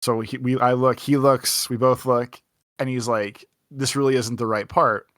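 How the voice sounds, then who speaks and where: A man's voice: medium pitch, fairly even intonation, moderate pace, fairly bright tone, no room sound, clean studio sound. Chatty man telling a long story. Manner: rambling anecdote with lots of "like" and quoted dialogue. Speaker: podcast co-host. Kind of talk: casual storytelling chat.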